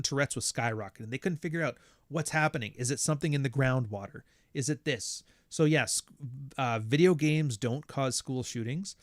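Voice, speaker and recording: A man's voice: mid-range voice, no room sound, studio quality. A man from Canada hosting a podcast, ranting in a blunt, profane, sardonic way. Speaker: podcast host. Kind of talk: casual podcast rant.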